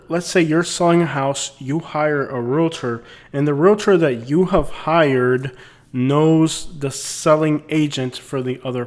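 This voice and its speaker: A man hosting a comic advice video, talking in a casual, wry, rambling way. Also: on the high side. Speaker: host.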